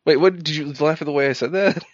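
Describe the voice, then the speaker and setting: A man's voice: fairly high pitch, quick pace, no room sound, lo-fi sound. A man co-hosting a casual chat, playful and laughing often. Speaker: podcast co-host.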